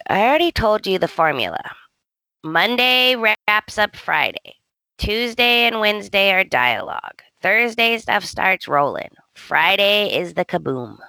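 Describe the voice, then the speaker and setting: A woman co-host chats about a soap opera with a lively, swooping pitch and a bright, forceful tone. She exclaims and laughs easily. The recording is dry and close, with little room sound. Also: measured pace, vocal fry, no echo. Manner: animated, laughs a lot, exclaims. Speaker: podcast co-host. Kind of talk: casual chat.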